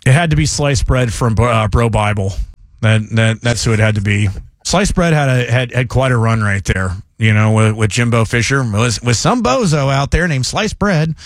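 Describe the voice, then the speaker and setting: A man hosting a morning sports talk radio show, speaking in an animated, emphatic way with quick restarts. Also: medium pitch, no echo, studio quality. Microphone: studio microphone.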